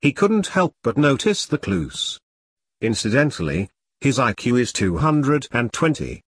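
A man's voice: medium pitch, sing-song, measured pace, husky, no echo, clean studio sound. A man voicing a cool female assassin with clipped upper-class English speech. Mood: menacing. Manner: clipped, threatening.

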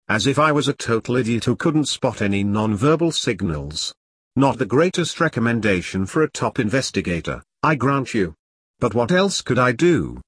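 Wry, husky male narrator. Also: medium pitch, no room sound, clean studio sound. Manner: wry, deadpan, self-mocking. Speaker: audiobook narrator. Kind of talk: first-person detective novel narration.

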